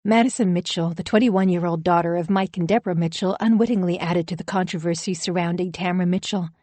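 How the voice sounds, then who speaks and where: A woman reading a first-person audiobook thriller, wry and anxious in her telling. Her voice sits on the low side. The recording is close and dead dry. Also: fairly even intonation, fast talker, warm tone, no echo. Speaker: audiobook narrator.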